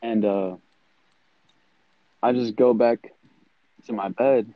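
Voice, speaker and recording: A man's voice: medium pitch, fairly even intonation, slow pace, no room sound. A man telling a rambling, joking story in a casual group chat, full of slang. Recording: slightly dull lo-fi sound.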